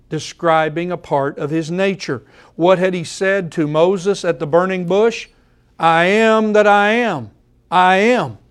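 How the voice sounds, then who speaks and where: A man preaching to his congregation at a measured, deliberate pace. His voice sits a little above the usual male pitch. He comes back to the same phrases again and again to hammer a point home. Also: smooth. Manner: repeats phrases for emphasis. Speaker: pastor. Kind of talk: sermon.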